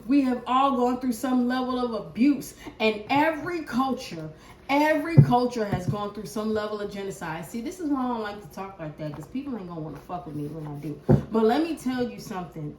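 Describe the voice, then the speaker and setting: A woman giving a tarot collective reading as an impassioned, profane rant. She swings from loud outbursts to hushed prayer. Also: fairly high pitch, expressive, brisk, reverberant, slight background noise, poor audio. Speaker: tarot reader.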